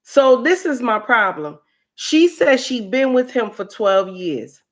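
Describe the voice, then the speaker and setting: Slow, preachy woman on a livestream. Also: a little high, animated. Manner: preachy, repeats lines for emphasis. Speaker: livestream host. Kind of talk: casual commentary livestream.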